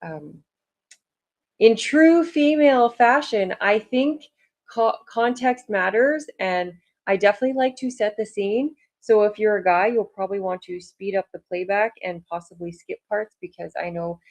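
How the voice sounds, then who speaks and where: A woman's voice: medium pitch, moderate pace. A woman talking casually to her viewers, chatty and rambling, with lots of "like" fillers. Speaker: vlogger. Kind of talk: casual chat to camera.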